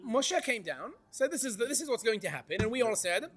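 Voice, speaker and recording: Animated man teaching a class. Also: very high-pitched, fast talker, crowd noise. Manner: animated, questions the class, Hebrew verse quotes. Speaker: Torah teacher. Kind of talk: interactive Torah class.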